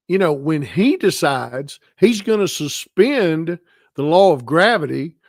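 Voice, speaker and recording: Man co-hosting a bible study, fairly high voice, excited and rambly, dry sound. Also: no room sound. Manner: enthusiastic, rambling with restarts. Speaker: co-host of a Bible study show.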